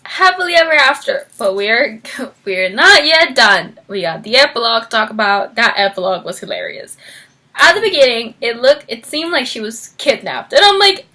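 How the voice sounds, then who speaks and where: A young woman reviewing a romance novel in a casual vlog, bubbly and animated, acting out characters' lines and laughing often. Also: normal speed. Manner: bubbly, acts out characters' lines with big pitch jumps; frequent fillers and laughter. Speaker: book vlogger.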